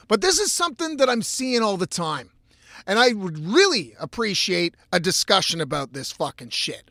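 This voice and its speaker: A man's voice: high voice, pushed and bright, no echo, clean studio sound. A man hosting a casual solo podcast from inside his van, ranting with lots of swearing and restarts. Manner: profane, exasperated ranting with frequent restarts. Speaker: podcast host.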